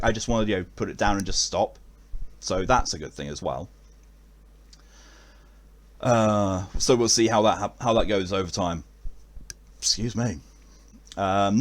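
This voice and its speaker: Speaking at medium pitch with an English accent, a man winds down a stream by chatting casually to viewers, wandering off topic and restarting sentences amid plenty of fillers.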